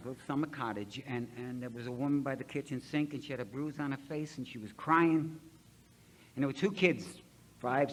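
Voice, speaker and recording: Folksy Ohio man telling his story. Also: mid-range voice. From Ohio, USA. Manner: folksy, blunt storytelling with acted-out dialogue. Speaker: speaker at a recovery convention. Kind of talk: personal recovery story told to an audience.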